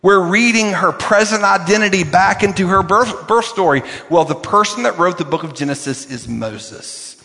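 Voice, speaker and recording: An older man preaches from the pulpit, his voice sitting a little high for a man. He leans hard on key words and repeats them for effect. Long reverb from the sanctuary trails each phrase. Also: expressive, normal speed, few pauses, pushed and bright. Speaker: pastor. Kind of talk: sermon.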